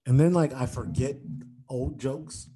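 A man's voice: unhurried, over a noisy crowd. A young adult man from Detroit, a stand-up comedian telling stories in a casual interview and acting out the voices of people he quotes. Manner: animated, acts out quoted voices with big pitch jumps.

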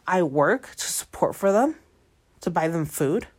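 A woman's voice: lowish voice, animated, unhurried, husky. A woman of twenty-nine, a single mother, venting in a defiant monologue full of swearing and repetition, slipping between English and Spanish. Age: 20s. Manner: heavy swearing, defiant, repeats herself.

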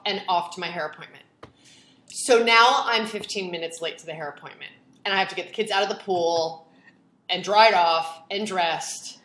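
Bright-voiced woman rambling through a story, acts out the quotes, echoey room. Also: mid-range voice. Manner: animated, acts out quotes, lots of "like". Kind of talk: casual storytelling chat.

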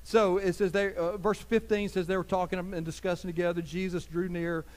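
High voiced pastor guy preaching, chatty, talks right to the congregation, gets loud then goes real quiet. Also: little pitch movement, brisk. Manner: earnest preaching, swinging between loud emphasis and soft hushed lines; conversational, addresses listeners directly. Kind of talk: sermon.

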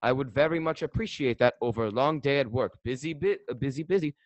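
A man's voice: mid-range voice, quick pace, no room sound, pitched above the performer's own voice, lightly acted. A young man puts on a smitten, clumsy foreign suitor with a thick mock German accent, wooing in broken English. The voice is close-miked and dry, with no room sound. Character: lovestruck foreign man, awkward failed actor.

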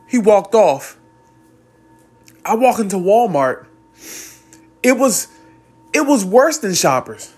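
A young man with a slightly raised pitch tells a personal spiritual story in an earnest, rambling manner, often restarting his sentences. He sounds close to tears at times. Soft music plays faintly behind him. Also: sing-song, slow pace, pauses often, husky. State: tearful at times. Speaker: vlogger.

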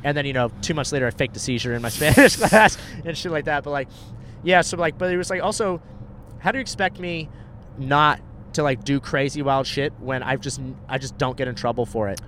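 A man's voice: fairly high pitch, brisk, a bit bright, a little hiss or hum. A young man casually telling a story on a podcast, acting out the people he quotes and swearing freely.

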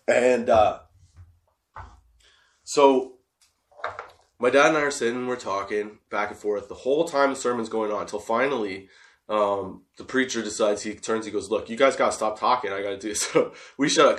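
A man's voice: medium pitch, a bit bright. A man in his forties telling a comic personal story, laughing often and swearing between rambling asides.

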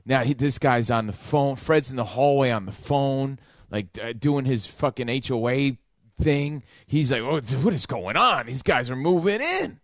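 A man's voice: medium pitch, expressive, normal speed, no room sound, studio quality. A man telling a story in casual, profane banter, mimicking the people in it.

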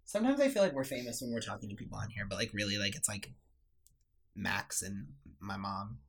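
Low-voiced young woman, laid-back. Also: a little fast, vocal fry, a little hiss or hum. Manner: relaxed rambling storyteller, heavy on "like". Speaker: podcast co-host. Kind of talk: casual chat.

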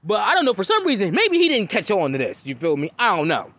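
A man in his thirties from Cincinnati tells stories in a casual podcast monologue, swearing freely and slipping into quoted voices. His voice is high and swings widely in pitch. The recording is muffled and lo-fi. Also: fast talker, no echo. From Cincinnati, Ohio. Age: 30s. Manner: profane, animated, acts out quotes in bursts. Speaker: podcast host.

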